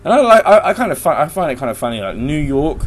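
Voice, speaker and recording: A man's voice: on the high side, big pitch swings, fast talker. A young man hosting a solo podcast from home, ranting in a profane, rambling, heated way. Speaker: podcast host. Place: room at home.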